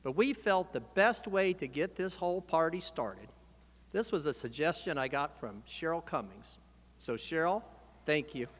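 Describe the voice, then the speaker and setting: An American man, an organization's president, gives a convention speech in a large hall and rouses the crowd to shout and chant. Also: fairly high pitch, animated, moderate pace.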